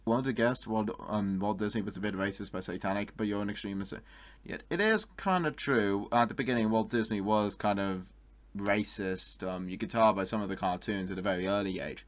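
Excitable young man, lowish voice. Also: normal speed. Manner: excitable, bursts into high exclamations, laughs often. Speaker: YouTuber reacting to online art. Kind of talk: casual reaction commentary.

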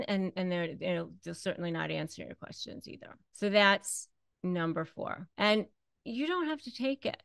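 A woman's voice: mid-range voice, gravelly, no room sound. A woman hosting an advice talk, speaking conversationally and acting out the lines she quotes. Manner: conversational, repeats herself, acts out quoted lines. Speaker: host. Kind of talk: direct-to-camera advice talk.

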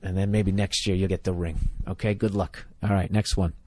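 A man's voice: low-pitched, flat delivery, fairly quick, a little mellow, no echo. A man from the United States, a podcast host giving comedic advice in a blunt, profane, rambling rant.

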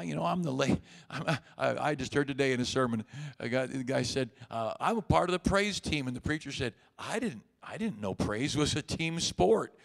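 A man's voice: fairly high pitch, gravelly, fairly bright tone. A man, a pastor, giving a folksy church sermon, acting out conversations and chuckling often.

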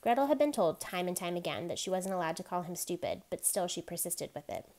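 A woman reading a novel aloud, gently giving each character a light voice of their own. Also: lowish voice, expressive, fast talker. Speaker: reader.

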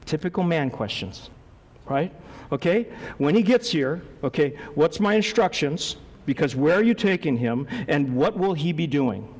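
A male pastor preaching a sermon, lively, acting out the voices of Bible figures as he goes. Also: on the high side, normal speed, big-room sound.

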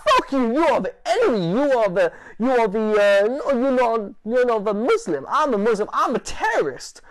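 A man putting on a ranting American prisoner, hostile and unhinged, with a voice pushed far up high and loud. He shouts and swears at whoever is near and threatens violence, all in a tense, strained yell that keeps climbing higher. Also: big pitch swings, normal speed. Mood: raging, threatening.

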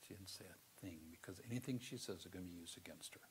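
Middle-aged male seminary lecturer, slightly low voice, earnest storyteller with sudden loud emphasis. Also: fast, a little hiss or hum. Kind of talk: classroom theology lecture with personal storytelling.

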